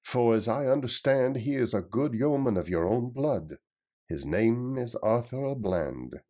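A man's voice: medium pitch, animated, a little slow, warm tone, voice pushed up. A man voicing a proud outlaw leader who speaks in a formal, emphatic, old-fashioned way. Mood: urging.

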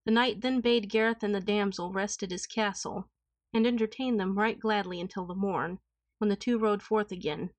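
A woman narrating an old knightly tale in a steady, even storybook reading. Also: medium pitch, moderate pace, dry recording.

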